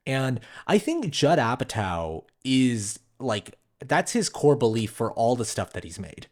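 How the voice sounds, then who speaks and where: Animated man chatting casually. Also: medium pitch, unhurried. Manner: animated, full of "like" and "you know". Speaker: podcast co-host. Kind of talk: casual film discussion.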